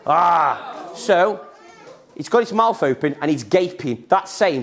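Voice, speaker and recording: A man's voice: high-pitched, lively intonation, moderate pace. A young man giving an enthusiastic, repetitive live talk about snakes while handling animals in a museum room. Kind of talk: live educational talk to children.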